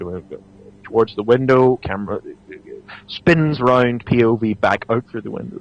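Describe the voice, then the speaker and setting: A man hosting a podcast, chatting casually and telling a scene with lively restarts. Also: mid-range voice, muffled recording. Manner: animated storyteller, stammers and restarts. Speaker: podcast host. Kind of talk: casual chat.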